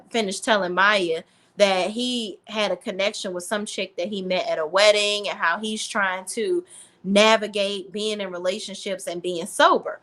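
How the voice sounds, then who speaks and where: A woman's voice: medium pitch, a bit bright. A woman recapping a reality show in a casual vlog, blunt and slangy with plenty of swearing. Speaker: reality TV reviewer.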